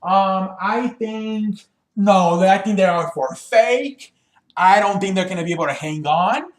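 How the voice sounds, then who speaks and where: Young male sports vlogger, rambling and halting, slightly high voice, echoey room sound. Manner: rambling, many ums and restarts, swears casually. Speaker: sports video host. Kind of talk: casual solo sports talk.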